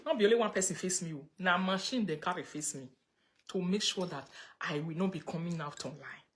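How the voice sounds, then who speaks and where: Chatty Nigerian woman, low voice. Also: brisk. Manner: chatty, mixes pidgin and English, breaks into laughter. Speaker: livestream host. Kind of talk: casual chat reading viewer comments.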